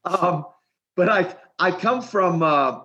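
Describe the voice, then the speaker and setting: An older man from Minneapolis, an animated storyteller who often repeats words as he starts his sentences in an interview. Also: high-pitched, slow pace. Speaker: retired wrestler guest. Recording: dull lo-fi sound.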